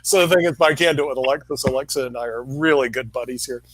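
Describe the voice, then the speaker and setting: A man's voice: medium pitch, rapid-fire, fairly bright tone. Jokey chatty male live-show host. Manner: jokey, chatty, laughing between lines. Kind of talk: casual live show banter. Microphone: live stream video call.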